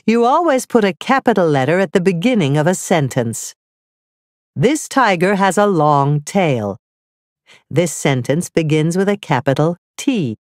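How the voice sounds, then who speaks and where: Slow, lively-voiced woman teaching grammar. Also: on the low side, no echo, studio quality. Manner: slow, careful, clearly spelled-out reading. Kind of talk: scripted educational narration.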